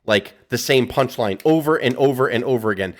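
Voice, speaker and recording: A man co-hosting a chatty podcast, his voice sitting at an ordinary middle pitch. He talks casually and curses freely. As he tells a story he keeps breaking into quick impressions of the people in it. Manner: animated, profane, mimics people mid-story. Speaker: podcast co-host. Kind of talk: casual chat.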